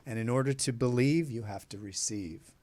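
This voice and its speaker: A man hosts an interview in his ordinary, mid-pitched voice. He keeps agreeing with his guest and then lays out his own view in a steady, encouraging way. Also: a little hiss or hum. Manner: encouraging, quick affirmations. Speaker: interview host. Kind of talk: casual interview chat.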